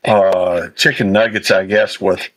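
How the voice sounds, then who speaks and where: A man hosting a casual livestream while eating, talking in a rambling, halting way full of fillers and restarts. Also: low-pitched, fairly even intonation, poor audio. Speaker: livestream host.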